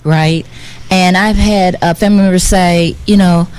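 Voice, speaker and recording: A woman's voice: on the low side, steady tone, normal speed, a little mellow, smooth. A middle-aged woman talking heartfelt and earnest, often repeating herself as she searches for words. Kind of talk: heartfelt conversational talk.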